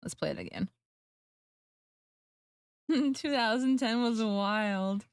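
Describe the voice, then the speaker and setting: A woman's voice: fairly high pitch, sing-song, takes it slowly, pauses often, darkish tone, no echo. Giggly streamer woman, dry close sound. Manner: giggly, laughing often, self-mocking. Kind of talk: casual livestream chat.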